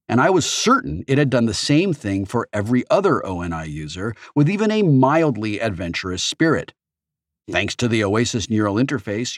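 A man reading a first-person audiobook in an expressive storytelling manner, recorded on a studio microphone. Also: fairly low pitch, dry recording. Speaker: audiobook narrator. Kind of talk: scripted audiobook narration.

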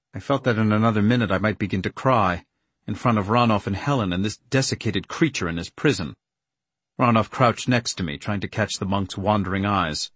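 A man narrating a story in the first person with an earnest, steady storytelling manner. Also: fairly low pitch, husky, no room sound. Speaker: audiobook narrator.

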